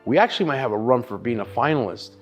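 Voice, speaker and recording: Brief: thirties male chef, animated, swears freely, mid-pitched, soft music under. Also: fast talker, dull audio. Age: 30s. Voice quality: profane, animated storyteller. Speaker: barbecue chef. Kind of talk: casual interview storytelling.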